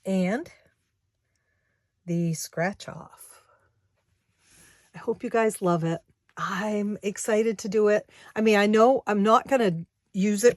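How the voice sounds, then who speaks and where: A woman in her sixties who owns a craft shop chats casually with her viewers, rambling and frequently backtracking to correct herself. Her voice is medium-pitched, and the studio-quality audio has no echo.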